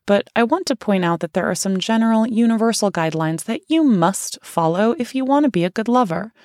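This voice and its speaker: A woman's voice: a little high, expressive, brisk, a little mellow, no echo, clean studio sound. A woman narrating her own memoir in the first person, candid and playful, with a teasing edge.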